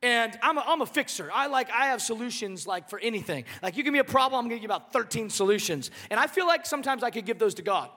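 A male pastor delivers a sermon in a lively, conversational, joking manner. His very high, bright voice carries through a hall with a long reverb. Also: quick pace, hardly any pauses.

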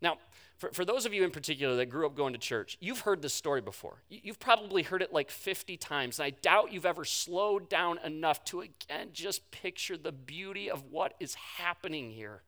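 A man preaching a sermon, telling the story with animation and swinging from loud bursts to hushed words. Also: fairly high pitch, animated, normal speed. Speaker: pastor.

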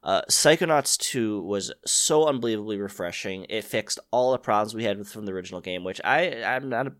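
A man's voice: fairly low pitch, expressive, brisk, a bit bright, no echo, studio quality. A young man co-hosting a casual gaming podcast, talking in a blunt, offhand way and cursing freely. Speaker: podcast co-host. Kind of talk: casual chat.

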